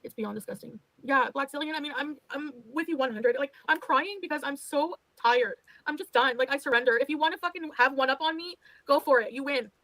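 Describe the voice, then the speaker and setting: A woman's voice: high-pitched, a little fast, few pauses, sharp tone, no echo, rough recording. A woman streamer venting on a livestream, exasperated and resigned, swearing often. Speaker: streamer in a played clip.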